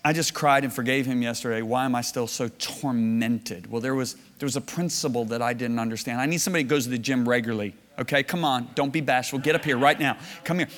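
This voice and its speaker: A man's voice: medium pitch, fast, hardly any pauses. A middle-aged man delivers a storytelling sermon in a hall, and his voice rings with a long echo off the walls. He sits in a middle range and acts out his own lines for the crowd. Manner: storytelling, animated, with laughs and acted-out quotes. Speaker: preacher. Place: church or conference hall. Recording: reverberant hall.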